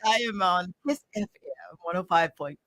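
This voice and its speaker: A middle-aged woman from Mississippi telling her personal story as a guest, impassioned, swinging from loud emphatic bursts to hushed whispers. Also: fairly low pitch, normal speed, no echo, poor audio. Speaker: guest, radio show host. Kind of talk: emotional personal testimony.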